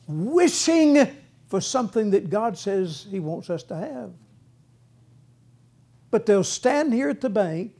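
A man's voice: sits high, warm tone. A man preaching a sermon in a folksy way, repeating words and acting out whiny voices, with a congregation answering. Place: church with congregation responding.

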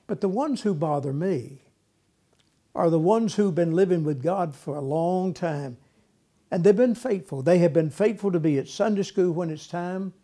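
A man's voice: high voice, moderate pace, mellow. A man preaching a sermon in a folksy way, repeating words and acting out whiny voices, with a congregation answering. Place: church with congregation responding.

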